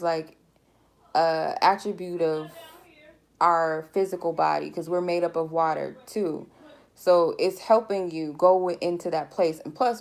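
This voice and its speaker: A woman's voice: fairly low pitch, creaky. A woman giving a collective tarot reading in a casual, rambling way, speaking candidly and swearing freely. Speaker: tarot reader.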